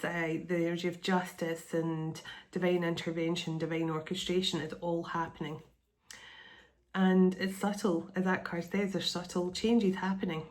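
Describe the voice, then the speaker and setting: A middle-aged woman giving a channeled spiritual card reading, meandering and repeating phrases in an earnest, reassuring way. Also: on the low side. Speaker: tarot and oracle card reader.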